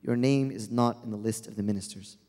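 A man's voice: on the low side, fairly quick, mellow, voice pushed down, lightly acted. A man voicing a stern male guardian angel who blocks a gate and questions firmly. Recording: long hall reverb.

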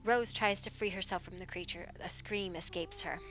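A woman acting as game master, narrating a horror tabletop scene on a live stream in a hushed, hesitant way with frequent ums. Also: on the low side, steady tone, normal speed, lo-fi sound.

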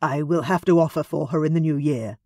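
A woman's voice: deep voice, brisk, mellow, no room sound, clean studio sound. A woman voicing a timid, chinless young male aristocrat who speaks politely and apologetically. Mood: apologetic.

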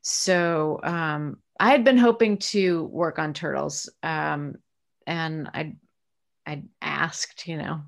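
Chatty middle-aged American woman, lowish voice. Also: measured pace, vocal fry. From United States. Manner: chatty, reflective, many fillers and restarts. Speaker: voice actress, interview guest. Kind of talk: casual interview answers.

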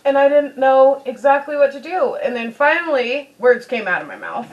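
A woman's voice: high voice, animated, normal speed, few pauses, low-quality recording. A woman beauty vlogger telling a personal story in a chatty way, full of "you know"s. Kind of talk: casual storytelling.

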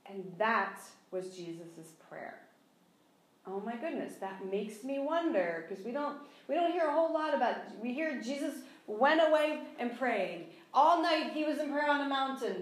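A woman with a fairly high voice teaching a sermon in an echoey church sanctuary. She talks animatedly and acts out the people in the scripture, laughing as she goes. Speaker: preacher. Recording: echoey room.

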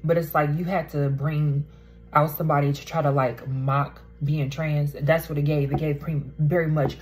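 A woman's voice: sits low, level tone, normal speed, a little mellow, low-quality recording. A young woman, talking bluntly and swearing freely in a casual vlog rant at home. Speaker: vlogger. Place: indoors at home, poor lighting.

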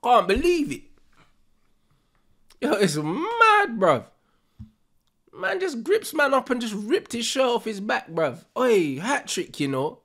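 A young man, reacting live to a football match with loud, slangy banter and frequent laughter. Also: extremely high pitch, huge pitch swings, takes it slowly, long pauses.

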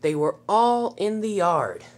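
A narrator telling a homemade toy-train story with lively delivery. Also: mid-range voice, takes it slowly. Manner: animated storytelling.

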